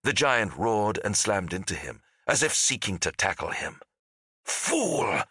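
Deep guy reading a dark fantasy book, lively delivery, bright tone, dry close mic. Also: normal speed, breathy edge, dry recording. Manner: dramatic, lively storytelling. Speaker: audiobook narrator. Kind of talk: scripted narration.

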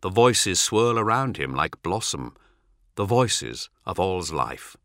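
Deep, slow male audiobook narrator. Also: sing-song, fairly bright tone, dry recording, studio quality. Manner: measured, dramatic reading. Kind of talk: scripted narration.

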